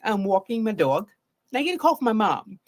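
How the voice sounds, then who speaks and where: A woman's voice: medium pitch, sing-song, fairly quick, a little mellow. A middle-aged woman therapist giving a live solo talk about trauma. She speaks earnestly and often checks in with "right?".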